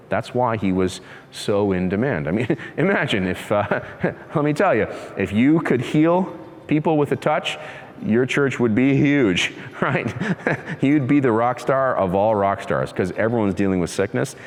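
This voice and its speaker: A man's voice: medium pitch, expressive, normal speed, long reverb tail. A male pastor giving a conversational sermon, laughing easily and acting out the people in his story. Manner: conversational preacher, acts out voices, laughs easily.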